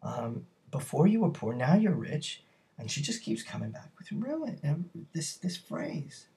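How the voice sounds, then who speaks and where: A man's voice: fairly high pitch, sing-song, a little slow, mellow. A man teaching a poetry lesson, talking it through thoughtfully and searching for words as he explains.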